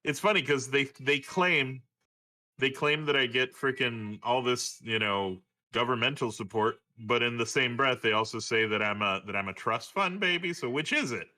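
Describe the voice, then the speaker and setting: Man, 40s, bright tone, profane rambling chatter. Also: medium pitch, moderate pace. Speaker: streamer talking with a friend. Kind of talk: casual chat.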